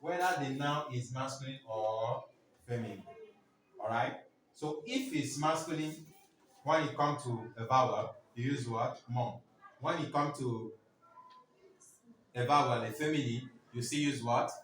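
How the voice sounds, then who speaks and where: A man's voice: mid-range voice, unhurried, long pauses, a bit bright. A man teaching French to a class, prompting students with questions and drilling words for them to repeat. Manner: keeps asking the class "what?" for them to fill in answers. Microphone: far from the speaker. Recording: very echoey room, distant mic, faint noise.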